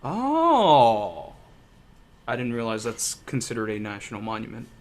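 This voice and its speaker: A man's voice: medium pitch, huge pitch swings, a little slow. A young man from Florida in a casual podcast chat, joking loosely and swearing often.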